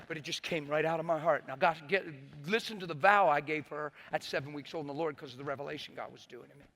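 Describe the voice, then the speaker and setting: A man giving an impassioned testimony, swinging from loud bursts to hushed, near-whispered moments. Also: a little high, quick pace, few pauses. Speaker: preacher giving his testimony. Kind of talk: emotional testimony.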